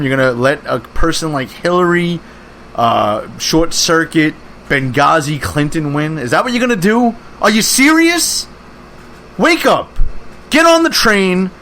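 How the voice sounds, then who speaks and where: A man with a Brooklyn accent, a guest on a political talk show, speaking in a fiery, energetic, exhorting way. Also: fairly high pitch, a little hiss or hum. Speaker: guest co-host.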